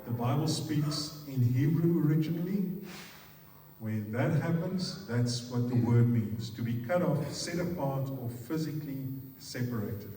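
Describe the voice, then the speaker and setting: Slow Afrikaans-accented man preaching. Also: mid-range voice, lively intonation, warm tone, slight background noise. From South Africa. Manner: emphatic, repeats words in threes, asks the audience questions. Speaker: pastor. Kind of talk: sermon. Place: church hall. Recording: echoey hall, picked up from far off.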